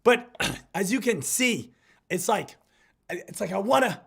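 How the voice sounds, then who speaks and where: Guy with a high, hoarse voice doing a live stock market stream, all hype, keeps repeating himself. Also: sing-song, takes it slowly, fairly bright tone. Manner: hyped, repetitive, rallying. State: hoarse from illness.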